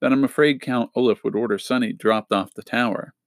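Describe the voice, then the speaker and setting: A man's voice: mid-range voice, brisk, dry recording, studio quality, lightly acted. A man reading aloud, voicing a worried, earnest bookish boy from a storybook.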